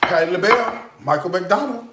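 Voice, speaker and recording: A man's voice: high voice, animated, moderate pace. Sassy chatty man, echoey kitchen. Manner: sassy, chatty, addresses viewers directly, frequent "okay?" tags. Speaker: cooking show host. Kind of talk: live cooking demonstration with sales pitch. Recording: echoey room with faint noise.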